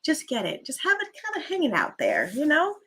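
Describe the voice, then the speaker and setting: Bright-voiced woman hosting a casual live chat. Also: sits high, wildly swooping pitch, brisk. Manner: chatty, rambling storyteller who reads out viewer comments. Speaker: livestream host.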